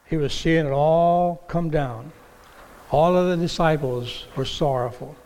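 A man delivers a sermon from a church stage, lively and storytelling, his voice sitting a touch high for a man. He acts out the voices in his quotes as he goes. The sound carries the long reverb of a large hall. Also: a little slow. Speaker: pastor. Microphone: stage microphone with monitor.

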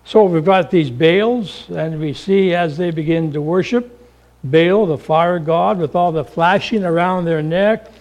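A middle-aged male pastor preaching a sermon, dramatic, acting out voices and swinging between loud calls and hushed lines, calling the listeners folks. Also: a little high, a little slow. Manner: addresses the congregation as folks.

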